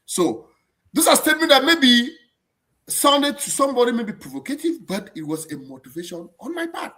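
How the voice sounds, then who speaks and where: Lively, bright-voiced man hosting a live stream. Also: extremely high pitch, normal speed. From abroad, not German-born. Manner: animated, repeats words and restarts often. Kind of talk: casual live-stream chat.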